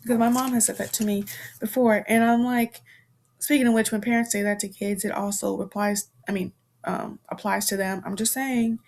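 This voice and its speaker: A woman's voice: mid-range voice, little pitch movement, normal speed, darkish tone. A woman in her twenties hosting a podcast, talking in a casual, chatty way full of fillers and restarts, frank and playful with mild swearing. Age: 20s. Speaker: podcast host. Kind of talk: casual chat.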